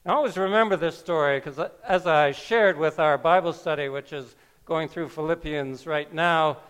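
A man preaching a sermon, telling a scripture story slowly with wry asides. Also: fairly high pitch, a bit bright, smooth. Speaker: pastor.

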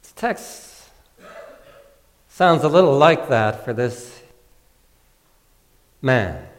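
A male pastor preaching a sermon in a church, in a conversational, gently humorous way. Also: mid-range voice, sing-song, drawn-out words, long reverb tail.

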